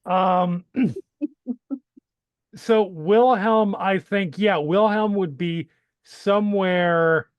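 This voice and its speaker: A man at a tabletop game rambling slowly and jokingly about his character. His voice is a little higher than usual, smooth and clear. The sound is dry and close. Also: dry recording, highs cut off. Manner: slow, rambling, jokey. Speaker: player. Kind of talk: tabletop role-play.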